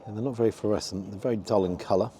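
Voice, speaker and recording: Low, mellow-voiced man reviewing food. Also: steady tone, very fast, a little hiss or hum. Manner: frank, disappointed running commentary while tasting. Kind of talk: casual food review vlog. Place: outdoors.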